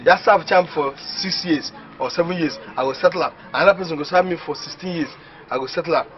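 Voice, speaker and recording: Boastful village dreamer played by a high-voiced Nigerian man, laughing, dull lo-fi movie sound. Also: fast talker, slight background noise, close to an everyday voice. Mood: scheming. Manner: exclaiming, laughing often, animated. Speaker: actor in a comedy film. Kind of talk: Pidgin comedy film acting. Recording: dull lo-fi film audio.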